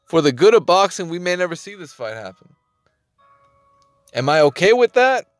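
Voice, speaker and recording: Male sports-channel host, casual emphatic delivery, high voice, dry room, faint music bed. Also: sing-song, moderate pace, no room sound. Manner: emphatic slangy talk, repeats phrases, swears. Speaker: boxing news host. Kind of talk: casual commentary to camera.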